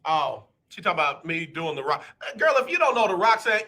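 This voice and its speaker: Joking radio dude, high voice, real gravelly, playful ribbing. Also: male voice, fast, few pauses. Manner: animated, joking, playful teasing. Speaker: radio talk show host. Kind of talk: live radio talk show. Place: radio studio.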